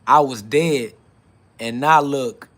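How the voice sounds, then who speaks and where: A male podcast host speaks slowly in a freewheeling spiritual monologue full of street slang. He quotes scripture and swings from loud hype down to low murmurs.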